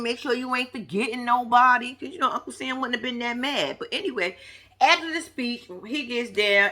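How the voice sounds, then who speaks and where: A woman giving sassy, slangy casual commentary on a reality show, talking straight to the viewer. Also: a little high. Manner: animated, sassy, slangy, talks to the screen. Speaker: vlogger reviewing a reality show.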